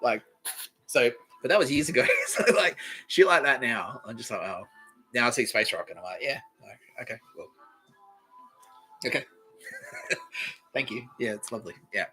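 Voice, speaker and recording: A man's voice: medium pitch, a little fast, sharp tone, faint music behind, poor audio. A man with an Australian accent hosting a comedy podcast, rambling through a crude, swearing, giggly monologue. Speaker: podcast host.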